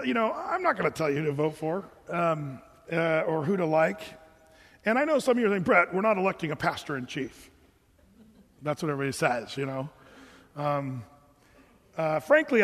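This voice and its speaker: High-voiced man preaching in a hall. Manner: conversational, animated preaching with mock voices of listeners. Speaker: pastor. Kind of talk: sermon.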